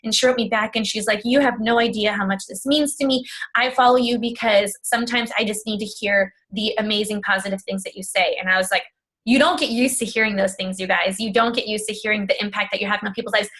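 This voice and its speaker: This fitness coach talks fast in a steady, mid-range, fairly bright voice while giving her testimony on a video call. Chatty and emotional, she repeatedly quotes herself and others and sometimes grows tearful.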